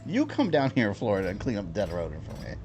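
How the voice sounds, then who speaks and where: A man streaming a video game, telling a story in casual chat, animated and swearing freely with lots of fillers. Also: lowish voice, quick pace, soft background music. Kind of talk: casual storytelling while gaming. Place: home, lives in Florida.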